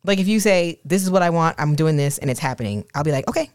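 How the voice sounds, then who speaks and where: A woman's voice: low voice, fast, darkish tone, dry recording, studio quality. A woman co-hosting a podcast with her husband, talking candidly and acting out quoted dialogue. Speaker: podcast co-host. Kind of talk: casual podcast chat.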